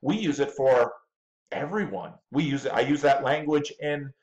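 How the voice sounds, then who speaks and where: A man's voice: mid-range voice, normal speed, a little mellow, muffled recording. A male pastor giving running commentary on a video clip, thinking aloud in a stop-start way and repeating words.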